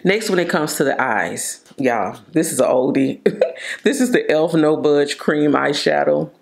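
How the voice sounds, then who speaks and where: A woman's voice: low-pitched, lively intonation, a little slow, creaky, darkish tone. A woman vlogger casually reviewing her favorite makeup products, chatty and gushing, drawing out her words for emphasis. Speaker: beauty vlogger.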